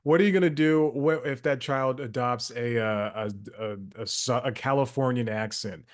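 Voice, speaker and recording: A man hosting a casual interview, asking easygoing, halting questions and laughing along with his guest. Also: mid-range voice. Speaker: interviewer host.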